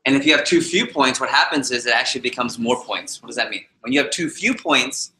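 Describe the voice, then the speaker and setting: A man training a live audience in public speaking, animated and shifting his speed and pitch to demonstrate his points. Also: quick pace. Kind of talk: energetic presentation to a live group. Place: meeting room with a live audience. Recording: roomy echoey hall.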